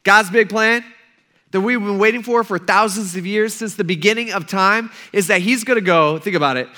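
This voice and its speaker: A man's voice: sits high, normal speed, bright, forceful tone. A young man preaching a sermon as pastor, in a casual, conversational way with playful acted asides.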